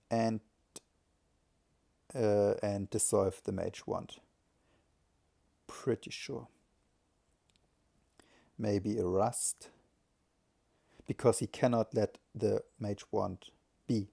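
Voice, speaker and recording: A man's voice: on the low side, very slow, gravelly, long pauses, warm tone. A man giving live solo commentary on a strategy game, thinking aloud and often correcting himself.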